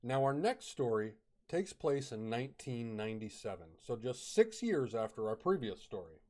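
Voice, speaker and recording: A man's voice: medium pitch, big pitch swings, normal speed, darkish tone. A man casually telling a ghost story, chatty, with fillers and bursts of dramatic emphasis.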